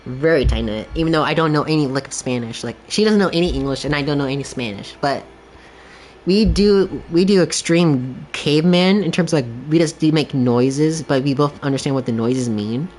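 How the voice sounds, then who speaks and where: A man's voice: fairly high pitch, moderate pace, a little mellow. Young male game streamer, casual and loose, rambles candidly, faint noise behind. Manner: rambling and candid, heavy on filler "like". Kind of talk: casual chat while gaming.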